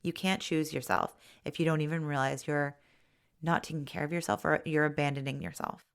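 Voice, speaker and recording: A woman coaching listeners through self-help steps, speaking gently and straight to them, sometimes acting out their self-talk. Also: sits low, fairly even intonation, fairly quick. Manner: acts out inner voices and self-talk in quotes. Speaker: life coach.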